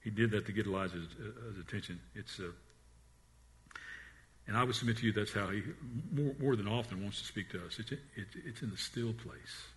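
A man preaching a sermon in an earnest voice, often repeating and restarting words, and dropping to a hush on the quiet lines. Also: lowish voice. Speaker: pastor.

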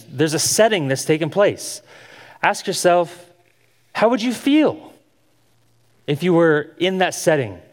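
A man giving an instructional sermon, earnest and asking his listeners many questions as he teaches. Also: fairly high pitch. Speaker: Bible teacher. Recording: long hall reverb.

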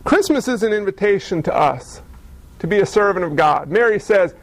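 A man's voice: high-pitched, animated, normal speed, no room sound, poor audio. A male pastor preaching a sermon in a conversational storytelling way, full of rhetorical questions.

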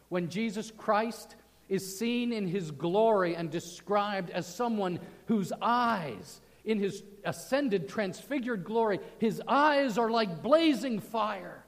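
A male pastor preaching a sermon, moving from loud proclamation to soft, hushed passages. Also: high-pitched. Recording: long hall reverb.

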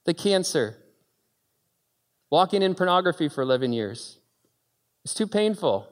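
A man preaching a sermon, moving between quiet storytelling and loud, high-pitched exclaiming. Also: very animated, measured pace, in a large hall. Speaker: pastor.

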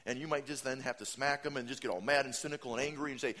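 A man in his thirties preaches with an animated, swinging delivery. His voice is bright and forceful, leaping into high mocking voices before settling into quiet, earnest stretches. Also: racing. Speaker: pastor. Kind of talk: sermon.

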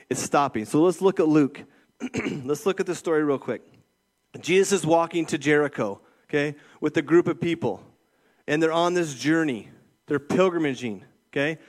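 Middle-aged guy preaching, kinda high voice, keeps saying okay? right? to the room. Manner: conversational preaching, frequent "okay?" and "right?" check-ins. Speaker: youth pastor. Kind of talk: sermon.

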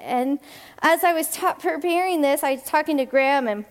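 Here the director of a church's family and children's ministry, a high-pitched woman, gives the congregation a chatty talk. Her words tumble out in hurried bursts with restarts, and she laughs a lot while performing the voices she quotes.

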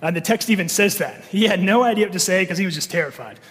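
Male pastor, higher pitch, casual sermon delivery with frequent fillers; long reverb of a church hall. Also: quick pace, fairly bright tone. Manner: conversational, many fillers and restarts.

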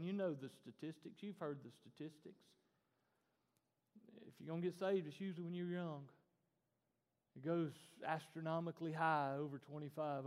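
A man delivers a sermon, lively and animated, slipping into the voices of the people he quotes. His voice sits high for a man. It carries through a big room that rings with a long echo. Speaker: pastor.

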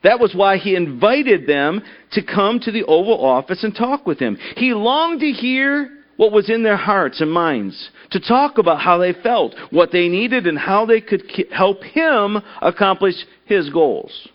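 A man's voice: sits high, animated, moderate pace, few pauses. A man preaching a sermon and reading a story aloud, earnest, often repeating words as he starts a thought. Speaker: pastor. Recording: dull lo-fi recording.

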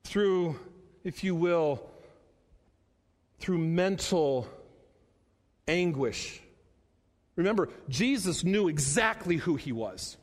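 A male pastor delivers a sermon in a fairly high voice. He repeats his phrases and slows right down to lean on the words that matter. Long reverb from a large hall trails behind every line. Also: lively intonation.

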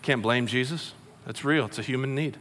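A man's voice: mid-range voice, moderate pace, a bit bright, slight background noise. A middle-aged man preaching a sermon in a conversational, storytelling way, acting out quotes. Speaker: pastor. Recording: long hall reverb.

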